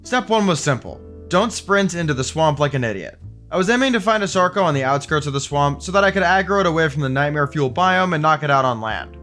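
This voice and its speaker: A young man narrating his survival game run and reacting excitedly and sarcastically, swearing often. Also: a little high, fast talker, soft background music. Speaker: gaming video creator. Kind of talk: game commentary with scripted narration.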